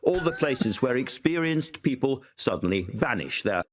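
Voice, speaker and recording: Measured male broadcaster, lively intonation. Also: medium pitch, a little hiss or hum. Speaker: TV presenter. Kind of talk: broadcast commentary.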